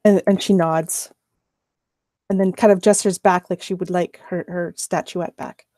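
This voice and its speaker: A woman playing a tabletop game, speaking softly and hesitantly, switching between character and table talk. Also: lowish voice, steady tone, unhurried, no echo, clean studio sound. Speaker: player. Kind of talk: tabletop role-play, in and out of character.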